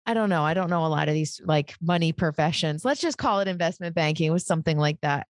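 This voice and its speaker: A woman, a psychic medium, speaking as a guest in a casual interview, animated and acting out the voices in her stories. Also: low-pitched, fast talker, dry recording, studio quality.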